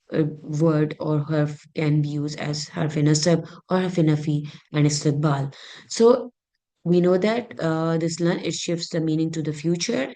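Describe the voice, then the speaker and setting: A woman's voice: low-pitched, mellow. A woman teaching an online grammar lesson, speaking hesitantly with many fillers and restarts.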